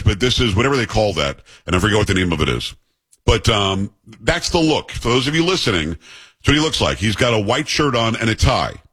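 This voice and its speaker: Blunt man with a husky voice. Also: lowish voice, a bit bright. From New York. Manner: blunt, sarcastic, conversational. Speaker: host. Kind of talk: political commentary.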